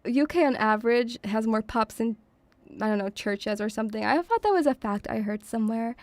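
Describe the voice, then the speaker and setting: A woman's voice: on the high side, brisk, no echo. A woman streaming as a VTuber, chatting in a playful, doting, rambling way. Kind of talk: casual debut stream chat. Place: home room, near pubs.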